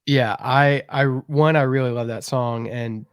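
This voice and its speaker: A man hosting a casual podcast interview, relaxed, with frequent restarts. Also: mid-range voice, a little slow, clear, resonant tone, dry recording. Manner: relaxed, stammers and restarts often. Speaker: podcast host.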